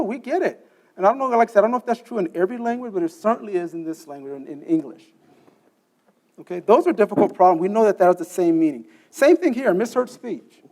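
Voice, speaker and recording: A man's voice: high voice, a little mellow. A man giving a conference lecture, explaining step by step, quizzing the audience and often checking in with "okay?". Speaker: conference speaker. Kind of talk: technical lecture. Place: conference session room.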